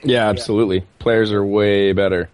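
Laid-back low-voiced man at home. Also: steady tone, normal speed, a little mellow, dry recording. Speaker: guest player. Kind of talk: casual chat. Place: his room at home.

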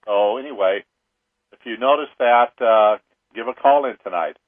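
Male radio host, mid-pitched, loose and wandering delivery, phone-line audio. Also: moderate pace. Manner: rambling, filler-heavy, earnest. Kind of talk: casual talk-radio monologue. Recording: tinny phone-line sound.

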